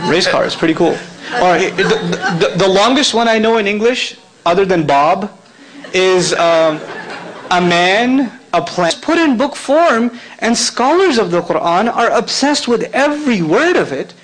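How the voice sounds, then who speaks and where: A man with a notably high voice lectures a convention audience. He keeps it conversational and jokey, firing questions at the crowd as he goes. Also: rough recording. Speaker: convention speaker.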